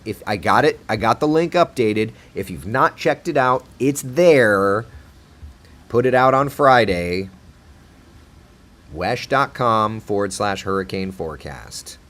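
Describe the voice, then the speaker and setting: A man's voice: medium pitch, slow, a bit bright. A man hosting a casual live chat as a TV meteorologist, playful and chatty as he answers viewers' comments.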